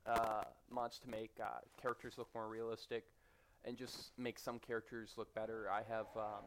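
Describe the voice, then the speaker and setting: A man's voice: lowish voice, little pitch movement, normal speed, background noise. A man giving casual, rambling commentary over his own gameplay, chatty and nitpicky. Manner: rambling, self-described nitpicky, chatty asides. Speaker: gaming commentator.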